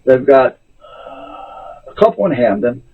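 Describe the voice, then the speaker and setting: Guy ranting about a phone call, husky, sounds like a tinny phone line. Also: medium pitch, takes it slowly. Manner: animated, exasperated retelling of a phone call. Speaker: vlogger. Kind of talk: casual storytelling rant.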